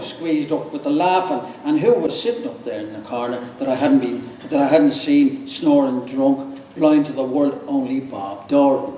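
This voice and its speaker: Dublin man, live reading, mellow voice, echoey hall, far from the mic, faint murmur. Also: medium pitch, slight background noise. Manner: quick, lively, chuckling storyteller. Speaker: reader. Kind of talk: dramatic live reading of fiction. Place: large hall with audience.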